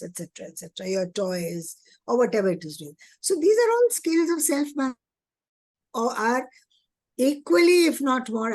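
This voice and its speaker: A woman's voice: mid-range voice, a little mellow, no echo. A woman, giving an earnest teacher training talk and asking many rhetorical questions. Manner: earnest, asks rhetorical questions, acts out child and teacher voices. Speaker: early childhood education trainer.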